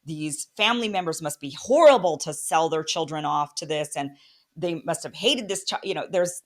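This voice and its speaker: A woman's voice: low voice, animated, normal speed. A woman hosting an interview, speaking earnestly and reflectively. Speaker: host. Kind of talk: casual interview.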